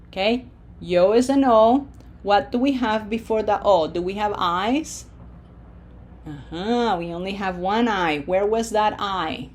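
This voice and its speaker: A woman's voice: mid-range voice, a little mellow. A woman teaching a Spanish lesson from slides, drilling verb forms aloud with long, stretched vowels. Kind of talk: slide-based language lesson.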